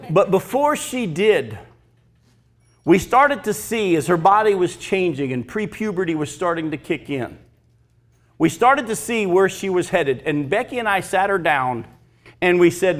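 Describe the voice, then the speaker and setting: Animated high-voiced preaching man. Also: a little slow, long pauses. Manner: emphatic, animated preaching with storytelling. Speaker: pastor. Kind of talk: sermon.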